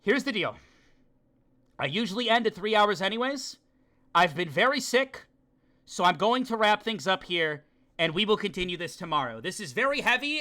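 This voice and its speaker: A male streamer giving live commentary on a game playthrough, reacting loudly and emotionally and swearing often. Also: high voice, sing-song, moderate pace.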